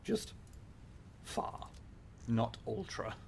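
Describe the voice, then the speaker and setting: A man's voice: medium pitch, very animated, extremely slow, creaky, a little hiss or hum. A man, chatting casually on a gameplay livestream, thinking aloud with lots of fillers, restarts and offhand swearing. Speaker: livestreamer playing a factory-building game.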